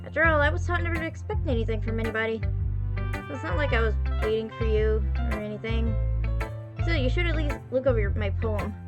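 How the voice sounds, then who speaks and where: A woman's voice: fairly high pitch, fast, over loud music, lightly acted. A woman reading aloud the lines of a prickly, defensive teenage girl from a game, curt and sulky, then pleading.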